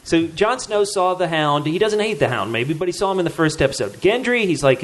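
A man hosting a casual chat, animated and jokey, often quoting characters in put-on voices. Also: fairly high pitch, fairly quick, hardly any pauses. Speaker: podcast host.

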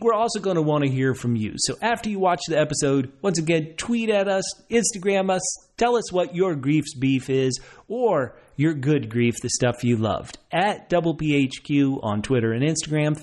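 A man's voice: on the high side, darkish tone. Chatty, enthusiastic male podcast host. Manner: chatty, laughs often, enthusiastic. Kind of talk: casual podcast chat.

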